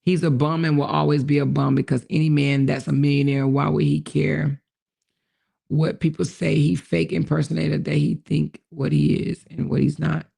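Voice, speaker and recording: Deep, husky, and mellow with a creaky texture, this woman's voice barely shifts in pitch as she speaks at a moderate pace. On her casual livestream she reads out viewer comments and replies in a frank, foul-mouthed way, often laughing and losing track of what she was saying.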